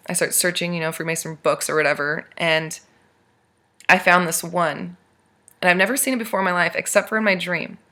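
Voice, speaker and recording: Bright-voiced woman vlogger rambling. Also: lowish voice. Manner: rambling, animated retelling of a dream. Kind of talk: casual storytelling to camera.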